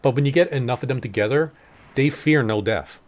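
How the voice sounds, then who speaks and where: A man's voice: medium pitch, a little fast. A man streaming a game and chatting casually, wandering through long lore explanations with plenty of fillers. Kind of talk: casual gaming chat.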